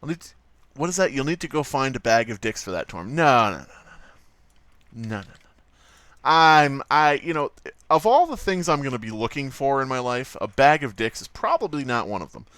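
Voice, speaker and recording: A man's voice: mid-range voice, sing-song, fairly quick, a bit bright, no echo. A man casually commenting on his livestream while drawing, rambling, joking and swearing a lot. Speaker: streamer.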